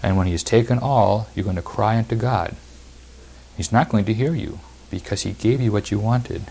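A man's voice: on the low side, moderate pace, vocal fry, warm tone, slight background noise. A man preaching a verse-by-verse sermon, reading scripture aloud and explaining it with emphatic repetition.

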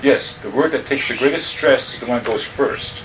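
A man's voice: mid-range voice, a little fast. A man teaching a class on New Testament Greek, patiently explaining each word and checking that the students follow. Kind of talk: classroom lecture. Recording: distant mic, noisy room.

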